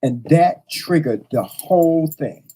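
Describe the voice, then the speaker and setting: Husky, blunt man telling a story. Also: a little high, animated, takes it slowly, mellow, poor audio. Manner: blunt, profane, repeats phrases for emphasis. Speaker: host. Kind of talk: casual storytelling monologue to viewers.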